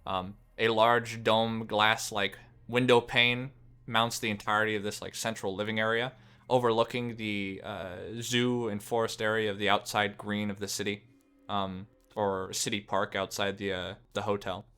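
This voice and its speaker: A man narrating as game master for a tabletop game, wandering through his descriptions with many fillers and self-corrections. His voice sits low and sounds bright and smooth. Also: flat delivery, normal speed. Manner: rambling, many fillers and restarts.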